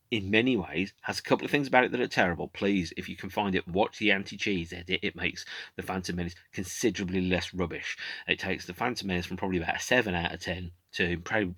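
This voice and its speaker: A man's voice: deep voice, fairly bright tone, no room sound. A man hosting his own podcast, talking alone in a rambling, opinionated way with many false starts. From United Kingdom. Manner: rambling, opinionated, frequent restarts. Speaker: podcast host. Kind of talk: casual solo monologue.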